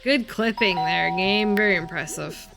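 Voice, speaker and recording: A woman's voice: mid-range voice, normal speed, creaky, very noisy. A woman giving casual, giggly commentary while playing a life-simulation game, sleepy and yawning as she chats. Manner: giggly, chatty, self-mocking about being tired.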